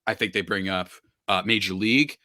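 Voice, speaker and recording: A man's voice: lowish voice, steady tone, brisk, bright, forceful tone, no room sound, clean studio sound. A man hosting a podcast, chatting casually and joking, with lots of fillers. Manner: laid-back, joking, filler-heavy. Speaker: podcast host.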